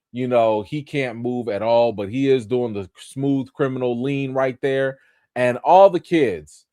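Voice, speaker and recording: A man giving a casual, slangy livestream review of a TV episode, animated and full of fillers. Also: mid-range voice, dry recording, clean studio sound. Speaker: show reviewer.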